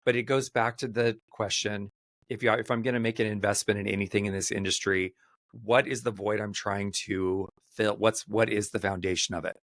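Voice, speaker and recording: A man's voice: lowish voice, flat delivery, a little fast, a bit bright, dry recording. Man hosting a podcast, dry close sound. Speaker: podcast host. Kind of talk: casual podcast chat.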